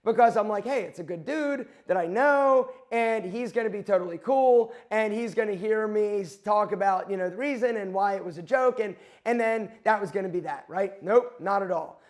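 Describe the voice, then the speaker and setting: Male vlogger with a high voice, rambling and candid, quoting back and forth. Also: normal speed, few pauses. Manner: rambling, self-correcting, quotes himself and others. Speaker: channel host. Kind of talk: candid storytelling to camera.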